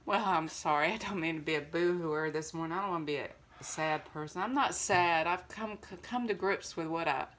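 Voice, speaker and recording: A woman's voice: low-pitched, a little fast, hardly any pauses, a bit bright. An older woman, talking to her viewers in a casual, heartfelt monologue. She rambles earnestly and fills her speech with "you know.". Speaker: vlogger.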